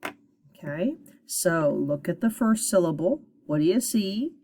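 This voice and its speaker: A woman teacher giving a phonics lesson to children, sounding out syllables slowly and encouragingly. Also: lowish voice, expressive, dark tone.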